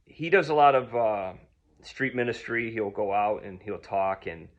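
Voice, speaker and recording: A man's voice: fairly low pitch, a little slow, dull audio. A man from telling a personal story in a casual, rambling way, full of ums and restarts. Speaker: vlogger.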